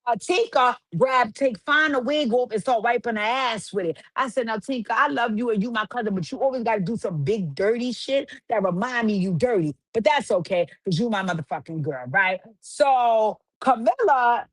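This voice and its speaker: A woman's voice: a little high, animated, normal speed, hardly any pauses, dry recording. A woman hosting a livestream, recapping reality TV in casual, profane chat with sing-song refrains. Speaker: livestream host.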